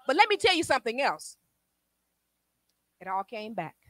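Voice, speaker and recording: A woman a sermon, testifying with swings from quiet talk to shouted praise. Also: a little high, big pitch swings, normal speed, no echo. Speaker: preacher.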